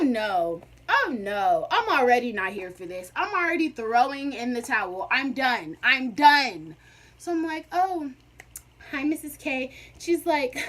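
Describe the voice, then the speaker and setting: A young woman vlogger telling a storytime in a sassy, animated, dramatic way. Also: high-pitched. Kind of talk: casual storytime.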